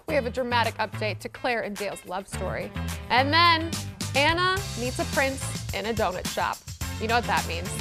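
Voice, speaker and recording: A woman's voice: fairly high pitch, very animated, moderate pace, over music. A woman co-hosting a talk show, upbeat and laughing easily as she reads segments. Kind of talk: reading show segments and banter.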